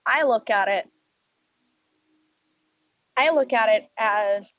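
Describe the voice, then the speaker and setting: A woman's voice: a little high, takes it slowly, long pauses, a bit bright, no echo. A woman in a training class who thinks aloud as she shares her view, often repeating herself and restarting. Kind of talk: class discussion. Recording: dry, dull lo-fi call audio.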